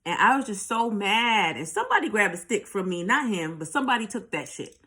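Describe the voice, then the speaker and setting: This host's medium-pitched voice is sing-song, fairly quick, bright and forceful as she tells her own story. She's candid and profane, often repeating a line for emphasis.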